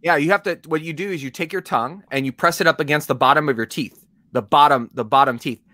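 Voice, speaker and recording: A woman's voice: deep voice, fast, pushed and bright, no room sound, clean studio sound. A woman co-hosting a casual chat, hesitant, with many fillers and restarts. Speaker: podcast co-host.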